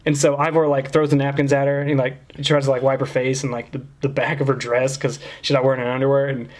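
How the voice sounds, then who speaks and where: A young man rattles off a crude, animated anecdote at a fast clip. His pitch sits in an ordinary middle range. He slips into quoted voices as he goes. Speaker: podcast co-host. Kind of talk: casual storytelling chat.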